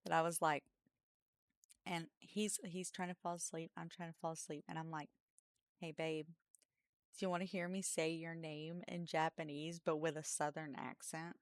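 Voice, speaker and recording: A woman's voice: low voice, level tone, normal speed, smooth, no echo, studio quality. A woman co-hosting a game stream from home, telling a rambling story in casual chat and breaking into giggles. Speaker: streamer co-host.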